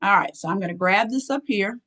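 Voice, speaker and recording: A woman presenter running a live online workshop, lively and folksy, often clearing her throat as she talks to her audience. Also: medium pitch, brisk, low-quality recording. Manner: lively, folksy, calls audience girl and y'all.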